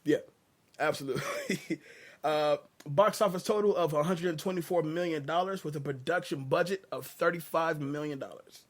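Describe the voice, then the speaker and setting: Man, podcast host, casual movie chat, relaxed and chuckling, slightly higher voice. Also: moderate pace. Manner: laid-back, chuckling, swearing casually.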